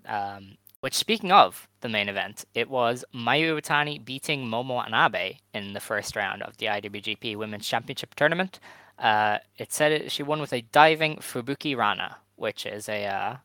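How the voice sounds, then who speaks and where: A man's voice: mid-range voice, moderate pace, pushed and bright, no echo. A man co-hosting a wrestling podcast, chatting casually and giving opinionated run-downs of results. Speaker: podcast co-host. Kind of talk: casual chat.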